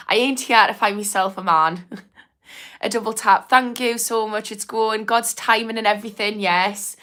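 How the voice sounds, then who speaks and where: A woman's voice: medium pitch, sharp tone. A young woman from England with a Geordie accent, an addiction therapist chatting frankly on a livestream, swearing and laughing as she reads comments. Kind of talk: casual livestream talk reading chat comments.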